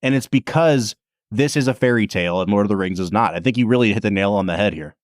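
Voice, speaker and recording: A man's voice: fairly low pitch, fast, no echo, clean studio sound. A man co-hosting a podcast in casual chat, laid-back and playful. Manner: laid-back, playful, reads review passages aloud. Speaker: podcast co-host.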